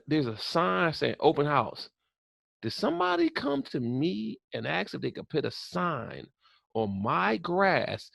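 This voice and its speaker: A man co-hosting a podcast tells stories in casual chat, his voice high-pitched and gravelly. He's an animated storyteller who swears freely and acts out quotes, and the recording is dry and studio quality.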